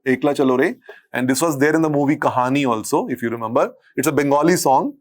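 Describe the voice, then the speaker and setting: A male medical lecturer with an Indian accent and a husky, deep voice, dictating notes and repeating phrases as he teaches. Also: quick pace. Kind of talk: classroom lecture.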